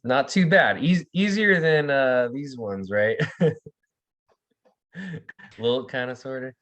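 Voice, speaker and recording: A man's voice: mid-range voice, slow, a bit bright, dull audio. A man teaching an online language class, calling on students by name, repeating words for them and explaining with many fillers and restarts.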